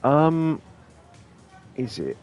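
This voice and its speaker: A man's voice: fairly high pitch, big pitch swings, extremely slow, muffled recording, faint music behind. A man hosting a let's play, talking casually and rambling with plenty of ums and asides. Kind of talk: casual gameplay commentary.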